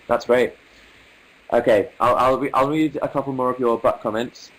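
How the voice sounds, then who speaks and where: A young Englishman hosts a casual livestream, reading viewer comments aloud with wry, amused, articulate asides. His voice is mid-range, steady, and brisk, though the recording is rough.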